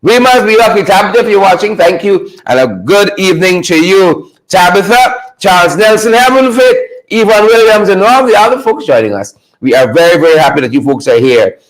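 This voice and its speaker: A man hosting a live stream, greeting viewers by name and repeating his phrases with high energy. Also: lively intonation, a little fast, hardly any pauses, rough recording. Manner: repetitive, hypes viewers with shout-outs.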